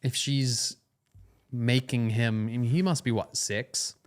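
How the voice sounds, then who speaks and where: A man's voice: mid-range voice, fairly even intonation, slow. A man co-hosting a podcast, chatting casually and thinking aloud with questions. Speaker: podcast co-host. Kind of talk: casual chat.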